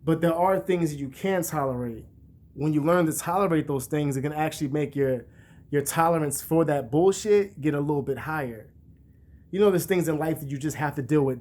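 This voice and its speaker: A young man vlogging, talking in a casual, profane, rambling way and telling stories with animated bursts. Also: a little high, normal speed. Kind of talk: casual monologue to camera.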